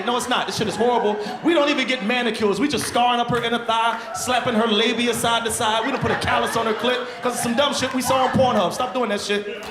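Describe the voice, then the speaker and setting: A man's voice: very high-pitched, quick pace. A man in his thirties doing a stand-up set, telling profane stories with lots of energy. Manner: profane, animated storytelling. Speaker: stand-up comedian. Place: comedy club stage. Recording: echoey club with loud crowd noise.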